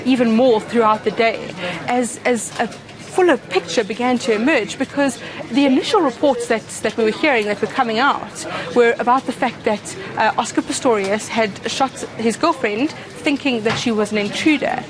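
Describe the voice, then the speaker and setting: A woman giving a reflective interview, measured and restarting phrases. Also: on the high side, a crowd in the background.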